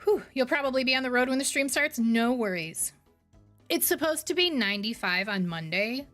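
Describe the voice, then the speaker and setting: Woman, 30s, streamer, casual chat, rambling, fairly high voice, faint background music. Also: lively intonation, moderate pace. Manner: chatty, rambling, swings between bright greetings and low asides. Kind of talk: casual chat reading live chat.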